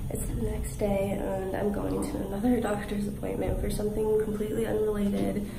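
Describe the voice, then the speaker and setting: A woman's voice: mid-range voice, completely flat delivery, brisk, vocal fry. A woman vlogger chatting casually to the camera, filling her talk with "like" and "literally". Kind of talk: casual vlog chat to camera.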